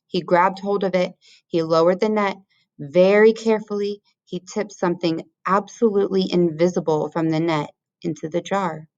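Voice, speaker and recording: A teacher reading a children's book aloud in a measured storytelling manner. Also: female voice, fairly low pitch, fairly even intonation, darkish tone, no echo, dull audio.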